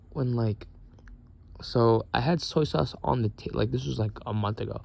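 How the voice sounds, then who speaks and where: A man's voice: medium pitch, moderate pace, creaky, darkish tone. A young man in the military venting in a casual, profane, exasperated rant. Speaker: military service member.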